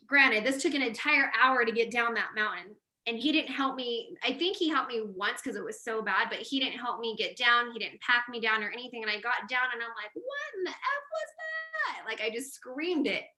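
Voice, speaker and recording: Animated woman host in a roomy room. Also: fairly high pitch. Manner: animated, laughing storyteller. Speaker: podcast host. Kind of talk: casual chat, storytelling. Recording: roomy echo.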